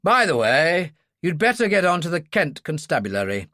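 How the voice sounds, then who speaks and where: A man voicing an older male intelligence chief who speaks crisply and commandingly in an audiobook reading. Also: fairly high pitch, big pitch swings, moderate pace, bright, forceful tone, no room sound, studio quality, voice pushed up. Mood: brisk.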